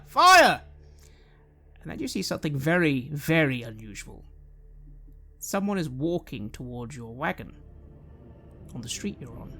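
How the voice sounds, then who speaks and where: A man narrating a tabletop role-playing game as game master, measured and descriptive. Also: fairly high pitch, a bit bright.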